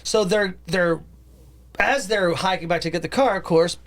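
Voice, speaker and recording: Movie podcast guy, kinda high voice, stops and restarts a lot. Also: normal speed, a bit bright. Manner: hesitant, restarts phrases while recapping. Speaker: podcast co-host. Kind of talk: casual movie discussion.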